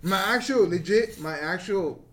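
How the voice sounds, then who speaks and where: A man's voice: sits high, unhurried, a crowd in the background. A man in his thirties from Mexico, co-hosting a casual podcast chat, teasing and swearing freely. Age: 30s. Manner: profane, teasing. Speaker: podcast co-host.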